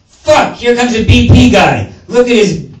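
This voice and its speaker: A foul-mouthed president rants and yells in a high, strained voice, put on by a male comic. The tirade is frantic and profane. It echoes around a room, picked up from some distance. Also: expressive, measured pace, noisy background. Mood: furious.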